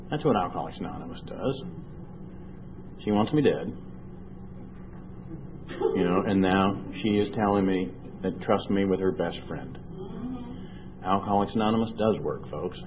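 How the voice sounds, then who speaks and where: A low-voiced man sharing his personal recovery story before a crowd in an earnest, storytelling way, slowing to let the hard parts land. The recording is dull and lo-fi, with a faint hiss underneath. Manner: earnest storytelling, slow and heavy at emotional points. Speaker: recovery speaker. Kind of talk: personal testimony talk.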